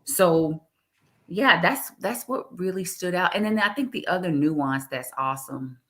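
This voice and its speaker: A woman talking in a casual interview, animated, laughing often and repeating her phrases. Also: on the low side, unhurried. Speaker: guest, executive director.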